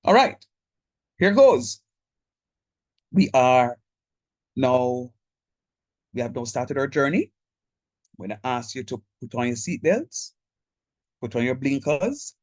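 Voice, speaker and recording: A male lecturer with a Jamaican accent teaches an online math class over a video call, addressing students in a direct, chatty manner and slipping into local speech. His mid-pitched voice swings widely in pitch, and he speaks slowly with long pauses. There is no room sound.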